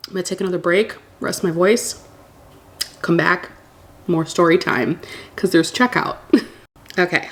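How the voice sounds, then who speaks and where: A woman casually telling a storytime tale to her viewers, animated and acting out what people said. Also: fairly low pitch, a little slow, pauses often. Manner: animated retelling, acting out quoted dialogue.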